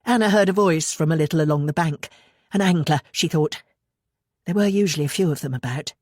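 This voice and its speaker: A woman narrates a thriller audiobook in an even, measured tone. Her voice sits low, and the close studio mic gives a dry sound. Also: no echo. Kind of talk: scripted narration.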